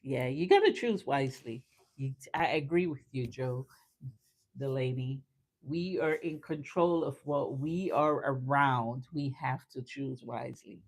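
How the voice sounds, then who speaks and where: A woman hosting a chat stream, telling personal stories in an earnest, animated way and laughing often. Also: a bass voice, unhurried. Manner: earnest, faith-filled. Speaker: host. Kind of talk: casual chat.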